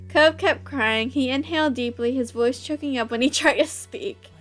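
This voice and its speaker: A woman's voice: high-pitched, moderate pace, a bit bright, faint music behind. A woman host reading a visual novel aloud, breaking off into giggly, gushing asides.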